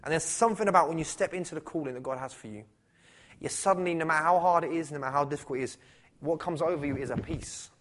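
A man's voice: fairly high pitch, fast, a bit bright. Man preaching conversationally. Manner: conversational, rhetorical questions. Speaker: pastor. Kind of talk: sermon. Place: church service.

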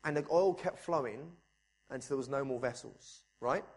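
A man preaching a sermon, fervent, swinging between soft, low passages and loud, high ones, and asking the congregation questions directly. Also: moderate pace.

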